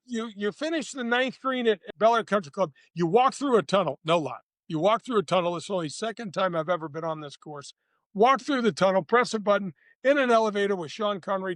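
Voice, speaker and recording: Man in his 60s, from St. Louis, slangy storyteller, raised pitch, dry sound. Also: no room sound. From St. Louis, USA. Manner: lively, slangy, addresses the host directly. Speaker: podcast guest, former tour golfer. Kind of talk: casual anecdotal storytelling.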